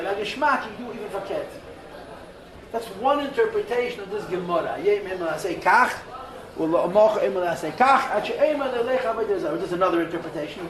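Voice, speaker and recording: Male rabbi, animated lecture delivery; distant mic in a reverberant hall, audience present. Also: high-pitched. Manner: animated, mixes Hebrew and Yiddish terms, acts out voices in asides. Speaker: rabbi teaching a class. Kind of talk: animated Torah class lecture. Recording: roomy hall, voice from far off the mic.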